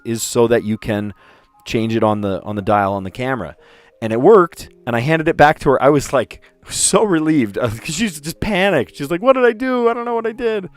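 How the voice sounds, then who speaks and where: A man's voice: lowish voice, no echo. A middle-aged man and teacher hosting a casual livestream, chatting and rambling with frequent exclamations while he solves puzzles.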